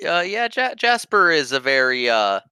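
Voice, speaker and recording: A man's voice: medium pitch, sing-song, normal speed, bright, forceful tone, clear, resonant tone, no echo. A man playing a tabletop game, thinking aloud through his character's movement with fillers. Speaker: player. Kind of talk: describing his character's moves.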